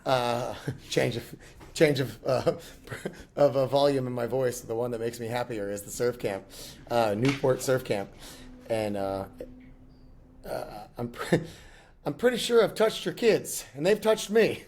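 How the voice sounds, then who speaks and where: A man's voice: medium pitch, a little slow, darkish tone. A middle-aged man chatting casually as a podcast guest, telling rambling anecdotes and laughing often. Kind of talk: casual chat.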